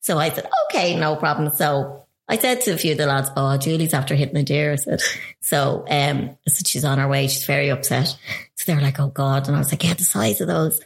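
A middle-aged Irish woman, co-hosting casually, telling a story in a lively way and acting out the quotes. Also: low-pitched, fairly quick, creaky, echoey room. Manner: lively, animated storyteller who acts out quotes.

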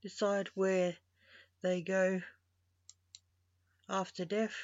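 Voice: medium pitch, level tone, extremely slow, no echo. A storyteller voicing a sarcastic, joking male reaper who is a father, on a dull lo-fi recording. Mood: dry.

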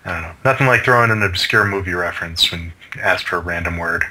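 A man co-hosts a podcast, chatting casually with some hesitation. His voice is very low but cuts through with a strikingly bright, tense edge. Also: quick pace, breathy edge, poor audio. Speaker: podcast co-host.

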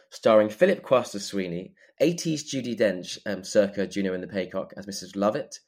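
A man's voice: on the low side, darkish tone. Man reading a podcast recap. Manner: brisk, reads out a recap list. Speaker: podcast co-host. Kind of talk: casual podcast chat. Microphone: remote call.

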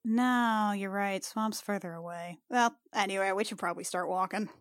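A woman's voice: medium pitch, normal speed, dry recording, studio quality. A woman playing a character in a tabletop game, chatty and filler-heavy. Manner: chatty, lots of "like" and "I mean". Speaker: player. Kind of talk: casual tabletop play.

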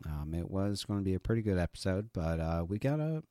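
A man's voice: deep voice, big pitch swings, a little fast, mellow. A man on a comedic radio show giving an apologetic update, rambling and hesitant with many fillers. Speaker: radio show crew member.

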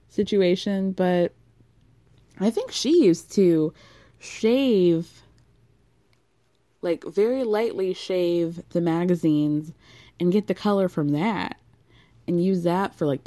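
A chatty woman talks through a recap in a loose, frank way, dropping curse words and plenty of fillers. Her voice is soft and mellow. The sound is close and dry, with no room around it. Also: medium pitch, no echo. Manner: frank, swears freely, chatty with many fillers. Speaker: podcast host recapping a reality show. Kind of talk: casual recap monologue.

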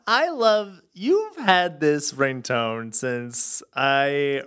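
A man's voice: a little high, animated, very slow, a bit bright, clean tone. A man co-hosting a casual podcast, playful and enthusiastic, laughing often. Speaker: podcast co-host.

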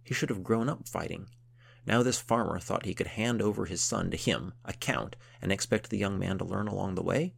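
A man narrating a historical novel in a steady, measured storytelling manner. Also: low-pitched, gravelly, breathy edge.

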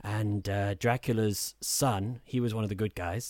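A man with a fairly low, steady voice talks a little slowly in a dry recording while co-hosting a podcast. He chats casually and rambles, filling gaps with fillers and sometimes adopting a soft, smooth put-on tone.

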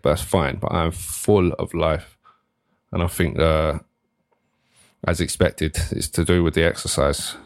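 Low-voiced swearing podcast host. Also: male voice, no room sound, clean studio sound. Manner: rambling, swears freely, restarts often. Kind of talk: casual solo monologue.

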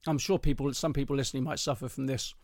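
A man's voice: medium pitch, steady tone, quick pace, darkish tone. A man co-hosting a podcast in casual chat, telling stories in a rambling, chatty way. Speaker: podcast co-host.

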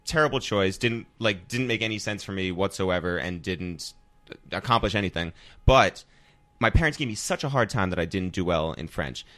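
Lively lower-voiced male podcast host. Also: normal speed. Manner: animated storyteller, laughs often. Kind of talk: casual interview chat.

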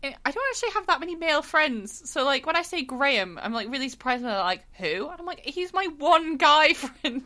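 Bright, playful woman. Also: sits high, lively intonation. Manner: playful, teasing, quick to laugh. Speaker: podcast co-host. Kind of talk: casual chat.

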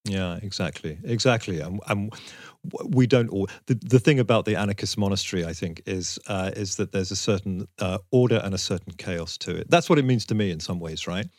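Low-voiced man musing in casual talk. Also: fairly quick, few pauses, a little mellow, dry recording, studio quality. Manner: musing, hesitant, teasing. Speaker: podcast co-host. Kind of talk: casual conversation.

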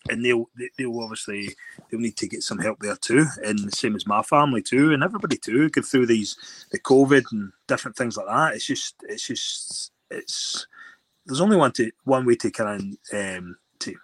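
Scottish male guest, rambling anecdotes, bright tone, dry sound. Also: medium pitch, moderate pace, dry recording. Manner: rambling storyteller with many restarts. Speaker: guest rugby player. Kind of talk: casual interview chat.

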